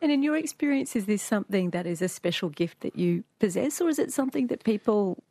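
A woman hosting a radio interview, asking measured questions. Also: mid-range voice, expressive, dark tone, no room sound, clean studio sound.

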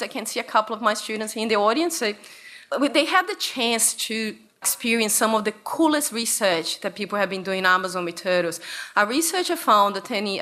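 A woman from Brazil giving an animated, playful storytelling talk to an audience about her research. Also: mid-range voice. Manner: animated, playful, acts out voices. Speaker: researcher and speaker.

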